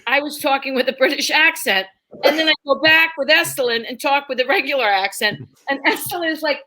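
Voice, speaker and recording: A woman comedian spins stories from her life with an animated, laughing delivery. She slips into other people's voices as she goes. Her voice is high-pitched and bright. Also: a little fast. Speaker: comedian guest. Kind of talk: storytelling chat.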